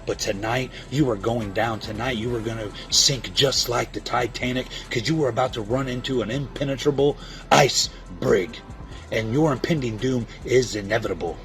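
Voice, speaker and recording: A man at an everyday middle pitch cuts a wrestling promo, boasting and taunting his rival with a steady stream of insults. Music sits faintly underneath his voice. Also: moderate pace. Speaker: online wrestling league competitor. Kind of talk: trash-talking wrestling promo.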